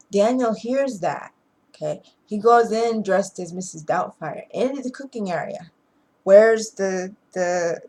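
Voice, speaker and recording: A woman's voice: medium pitch, low-quality recording. A woman casually retelling a movie plot in a rambling way, with restarts and chuckles. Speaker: movie reviewer.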